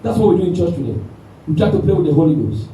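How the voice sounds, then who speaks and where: A man preaching a sermon with animated call-and-response, recorded in a church hall with the mic at a distance. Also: fairly high pitch, rapid-fire, muffled recording, slight background noise. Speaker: pastor. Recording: echoey room, mic at a distance.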